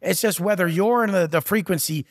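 A man's voice: high-pitched, fairly quick, no room sound, clean studio sound, big-room sound. A man giving a profane, aggressive motivational rant as a podcast guest, taunting and blunt.

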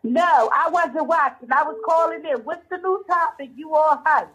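Teasing woman caller, high voice. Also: normal speed, fairly bright tone, low-quality recording. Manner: teasing, mocking.

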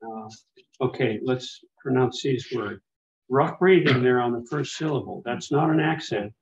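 A man's voice: mid-range voice, normal speed, slight background noise. Man teaching Greek, lo-fi room. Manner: patient, explains with fillers and restarts. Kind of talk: classroom teaching. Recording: dull lo-fi classroom recording.

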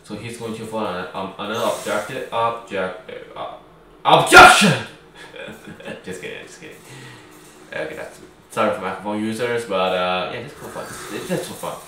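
Rambling gamer with a distant echoey mic. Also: male voice, lowish voice, steady tone, a little fast, few pauses, a bit bright, slight background noise. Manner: rambling, self-correcting, joking. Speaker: gaming YouTuber. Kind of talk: casual let's-play commentary. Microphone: far from the speaker.

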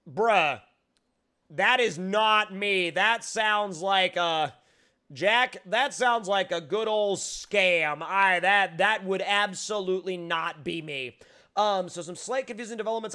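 A man's voice: high-pitched, fairly bright tone. A young man chatting casually while streaming a truck game live, reading the chat aloud and talking through many fillers. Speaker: gaming livestreamer. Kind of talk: casual live gameplay commentary.

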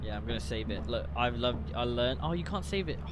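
A man's voice: medium pitch, lively intonation, a little fast, heavy background noise. A male streamer, chatting playfully while gaming, yelping and laughing at scares. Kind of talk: casual gaming chat.

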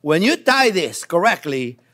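A man's voice: high-pitched, unhurried. An older man, a chef giving a chatty cooking demonstration in a kitchen, joking and laughing as he teaches. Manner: animated, chatty, jokes and laughs while teaching.

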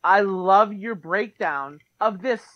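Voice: medium pitch, slow pace, muffled recording. A podcast co-host in casual chat who reacts to the story, praises it and cracks jokes. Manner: reacts with short interjections, jokey and full of praise.

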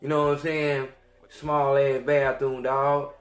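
A young man, a podcast host telling a crude story in a profane, animated rant that swings between loud outbursts and mutters. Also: medium pitch, takes it slowly, reverberant.

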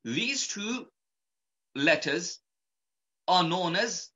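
A man teaching pronunciation in a slow, methodical lesson, patiently repeating each point. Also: high voice, animated, sharp tone, muffled recording. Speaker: Quran recitation teacher.

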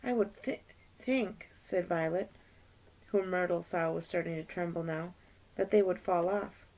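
A woman's voice: on the low side, unhurried, darkish tone, poor audio. A woman teacher reading a novel aloud to her class, page by page, lightly voicing the characters.

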